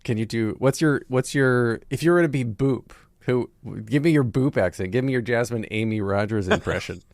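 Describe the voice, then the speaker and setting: A man in his forties hosting a podcast interview, playful and quick to joke. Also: medium pitch, darkish tone, no room sound, clean studio sound. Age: 40s. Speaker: podcast host.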